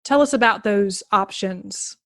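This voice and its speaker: A woman with a South Central Pennsylvania accent hosting a casual podcast chat, animated and playful as she tells stories. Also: medium pitch, unhurried, dry recording, studio quality. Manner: chatty, animated, playful storyteller. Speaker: podcast host.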